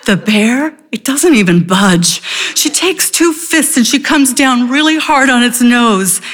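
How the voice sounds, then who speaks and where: A woman telling a personal story live, animated, with dramatic pacing and vivid pauses. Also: on the high side.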